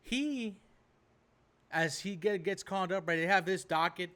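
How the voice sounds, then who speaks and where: A man's voice: high voice, unhurried, pushed and bright. A man hosting a reaction video, ranting casually in a rambling way and tossing in "right?" and "bro" as he goes.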